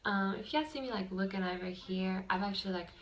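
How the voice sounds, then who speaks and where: A woman's voice: mid-range voice, fast, slight background noise. A young woman vlogging from her bedroom, chatting casually to the camera with lots of fillers. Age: young adult. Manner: chatty, rambling, with many fillers.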